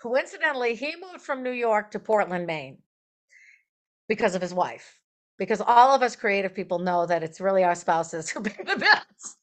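A woman guest on an interview podcast, spinning a long anecdote in an easy, chatty way. Her voice sits in a middle pitch range, and she breaks into laughter between lively asides. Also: moderate pace. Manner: chatty, animated, laughs while telling stories. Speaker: guest songwriter and performer. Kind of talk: casual interview storytelling.

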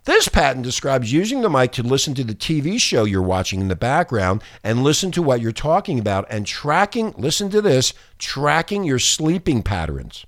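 A man hosting his own channel, talking straight to his viewers in an indignant, profanity-laced rant that rises into shouts. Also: mid-range voice, sing-song, moderate pace, hardly any pauses. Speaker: host. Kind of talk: ranting monologue to viewers.

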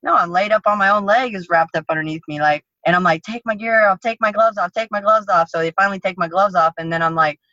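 A woman guest in an interview, telling a story casually in a blunt, profane, animated way. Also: medium pitch, fast talker, hardly any pauses, dry recording, highs cut off. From United States. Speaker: interview guest, MMA fighter.

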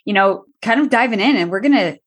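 A woman's voice: mid-range voice, lively intonation, quick pace, breathy edge. A woman co-hosting a podcast, speaking in a friendly, upbeat way. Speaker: podcast co-host. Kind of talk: casual podcast chat.

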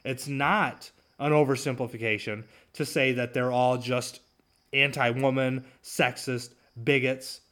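A man hosting his own talk show, alone at the mic, with a voice of middling pitch. He rants in a sarcastic, mocking way, with plenty of ums and uhs as he goes. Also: steady tone, unhurried, fairly bright tone. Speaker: podcast host. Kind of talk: solo talk show commentary.

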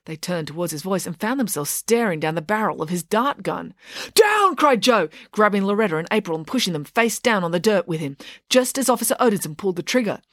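A woman's voice: lowish voice, lively intonation, quick pace, no room sound, clean studio sound. Playful woman reading a children's story. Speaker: narrator. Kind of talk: audiobook narration.

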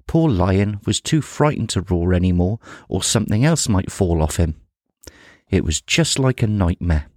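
A man reading a humorous children's story aloud in a playful, expressive way. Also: low-pitched, normal speed, no room sound, clean studio sound.

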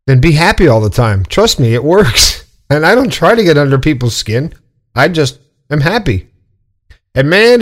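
A middle-aged man hosting a podcast, talking casually and bluntly, with swearing, as he lectures about staying positive. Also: a little high. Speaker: podcast host. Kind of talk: casual monologue.

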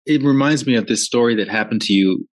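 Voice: mid-range voice, quick pace, soft background music. An interviewer asking a guest to share a story, encouraging and brief. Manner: encouraging, brief listener responses. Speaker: host. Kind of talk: interview questions.

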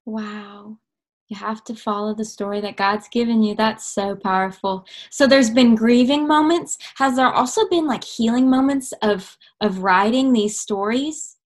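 A woman's voice: on the high side, measured pace. A woman hosting a faith-based interview, affirming her guest and asking reflective questions. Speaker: host.

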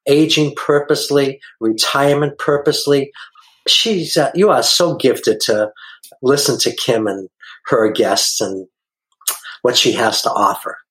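An older man talks as a guest musician, earnest and effusive in his praise. His voice sits at an ordinary middle pitch. When he tells a story, he acts out the other people's lines in a raised voice. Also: a bit bright, poor audio. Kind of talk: emotional storytelling in conversation.

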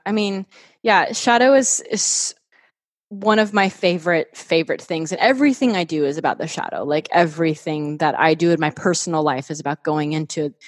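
A woman's voice: lowish voice, no echo, clean studio sound. A woman guest on a podcast, talking in a chatty, enthusiastic way with many filler words. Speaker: podcast guest and host of her own show. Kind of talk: casual podcast conversation.

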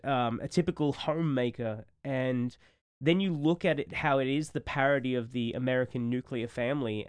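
An Australian man in his thirties, co-hosting a casual podcast chat and telling rambling, animated stories. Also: mid-range voice, no room sound, clean studio sound. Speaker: podcast co-host.

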